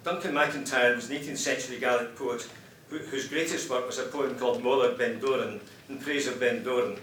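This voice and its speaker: A man introduces poems in a measured, explanatory manner, his voice bright and crisp. The sound is roomy, with faint noise in the hall. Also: mid-range voice, far from the mic. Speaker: presenter of poems. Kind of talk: poetry reading and introduction. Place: conference hall.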